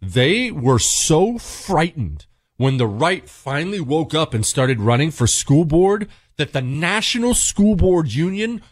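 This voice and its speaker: A man's voice: a little high, sing-song, takes it slowly, no room sound, clean studio sound. A man hosting a talk radio show, reading listener mail and giving blunt, fiery commentary with emphatic outbursts.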